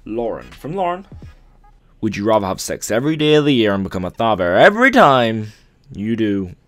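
Lively, jokey young man. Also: lowish voice, fairly quick, faint music behind. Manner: jokey, rambling, swears, laughs often. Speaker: YouTuber. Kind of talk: casual Q and A vlog. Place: room at his mother's home.

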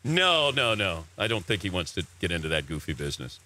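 A man's voice: deep voice, very animated, a little fast, pushed and bright. A man hosting a sports talk show, teasing his guest with playful banter on a set at a golf tournament. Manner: playful, ribbing, laughs often. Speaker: sports radio host.

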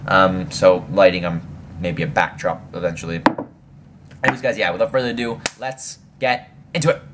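A young man hosting a reaction video, talking casually, excitably and with frequent swearing. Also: sits low, moderate pace.

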